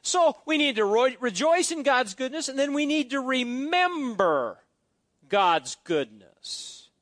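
Man, middle-aged pastor, exuberant sermon, folksy asides, high voice. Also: very animated, takes it slowly, fairly bright tone, no room sound. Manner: exuberant preaching, reads scripture aloud, folksy asides.

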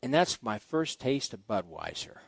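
A middle-aged male pastor telling folksy personal stories during a sermon, swinging between loud asides and quiet musing. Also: mid-range voice, sing-song, moderate pace, gravelly, slightly rough, no echo. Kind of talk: storytelling sermon. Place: church sanctuary.

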